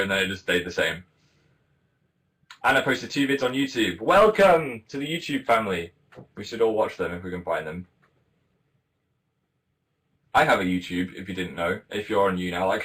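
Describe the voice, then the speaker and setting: A young man, chatting playfully while reading out viewer comments on a live stream, his pitch bouncing up and down as he talks. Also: low-quality recording. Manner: chatty and playful, animated ups and downs in pitch. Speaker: livestream host reading fan comments. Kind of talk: casual live-stream chat.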